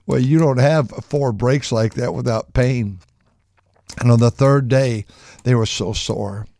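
An older man, a pastor, preaching a folksy sermon with frequent restarts, acting out quoted voices in a higher pitch. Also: takes it slowly, pauses often, dark tone, no echo, studio quality.

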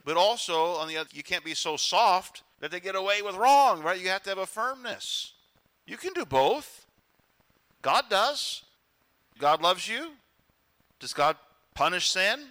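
Bright-toned pastor man preaching in church, animated, a bit high for a guy. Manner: animated preaching, acts out quoted voices. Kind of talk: sermon.

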